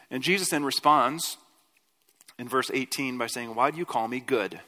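A man's voice: medium pitch, normal speed, in a large hall. A male pastor giving a conversational sermon, often acting out quotes and talking through restarts and fillers. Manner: conversational, animated quoting, frequent "like" and restarts. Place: church.

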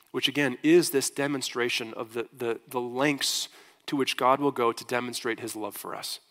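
Pastor, man, earnest sermon delivery, mid pitch, long church-hall reverb. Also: fairly bright tone. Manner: earnest preaching, rising and falling in force. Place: church sanctuary.

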